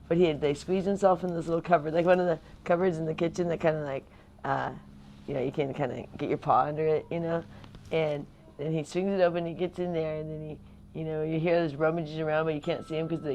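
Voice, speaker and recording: A woman's voice: deep voice, creaky, a little mellow, a little hiss or hum. A woman vlogger in casual chat, rambling and chatty with lots of fillers.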